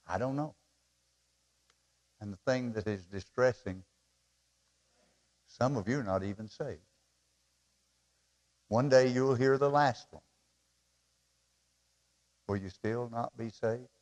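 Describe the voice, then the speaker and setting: A man's voice: mid-range voice, takes it slowly, long pauses. Emotional preaching pastor, man. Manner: emotional, pleading preaching with big swings in loudness. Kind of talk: sermon.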